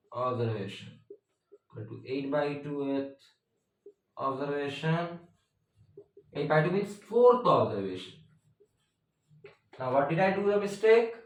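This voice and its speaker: Echoey chatty man teaching math. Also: fairly high pitch. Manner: chatty, joking asides, frequent "means" fillers. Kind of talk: casual math tutorial. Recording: very echoey room, mic at a distance.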